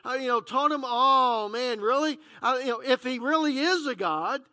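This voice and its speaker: A man's voice: very high voice, expressive, brisk, bright, forceful tone. A man preaching a conversational sermon as pastor, full of "uh, you know" fillers.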